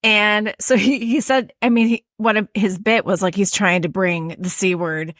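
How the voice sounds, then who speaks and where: A woman's voice: mid-range voice, fairly even intonation, normal speed, fairly bright tone, no echo, clean studio sound. A middle-aged woman with a Midwestern accent, hosting a casual podcast chat and rambling with many fillers and restarts. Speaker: podcast host.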